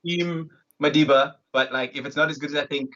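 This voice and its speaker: A man's voice: fairly high pitch, steady tone, brisk, a bit bright, dull audio. A man with a Cape Town South African accent, a comedian guest chatting and giggling about impressions. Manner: giggly, rambling, laughs often. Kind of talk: casual comedy chat.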